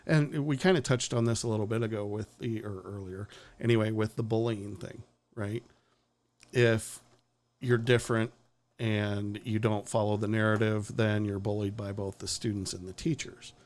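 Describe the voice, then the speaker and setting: A man's voice: on the low side, fairly even intonation, a little slow, a little mellow. A man hosting a podcast, giving blunt, profane opinions in casual talk and chuckling often. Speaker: podcast host.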